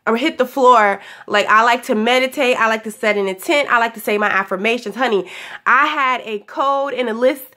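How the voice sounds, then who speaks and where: A young woman with a high, bright voice talks warmly and chattily through a daily spiritual pep talk. Her voice is still a little hoarse as it recovers, and she laughs often, calling her listeners "honey." Casual and affectionate throughout. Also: fairly quick. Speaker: spiritual guidance vlogger.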